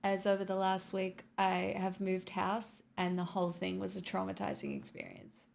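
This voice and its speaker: A young woman with an Australian accent chatting to her live stream viewers, answering their comments in a flat, tired way with self-mocking jokes. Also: mid-range voice, normal speed, creaky, slight background noise. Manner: flat, tired delivery with joking self-mockery. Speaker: livestreamer. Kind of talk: casual live chat reading comments.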